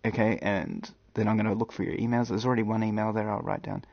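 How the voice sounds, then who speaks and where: Guy streaming games, rambly and jokey, yells now and then, muffled lo-fi mic. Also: on the low side, little pitch movement, quick pace, vocal fry. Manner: rambling and jokey, with sudden loud outbursts. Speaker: gaming streamer. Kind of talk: casual live-stream chat.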